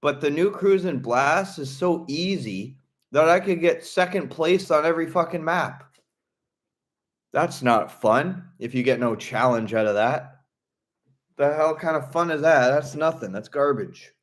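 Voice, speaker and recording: Young man, casual game chat, profane, blunt, laughs a lot, slow, animated pitch. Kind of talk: casual chat about video games.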